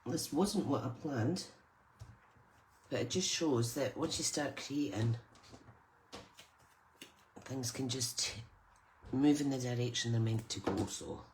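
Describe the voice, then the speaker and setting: A woman's voice: extremely low pitch, slow pace, long pauses, a little mellow, slight background noise. A Scottish woman hosting a live crafting stream, chatting casually and greeting viewers by name as she works. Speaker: crafting channel host.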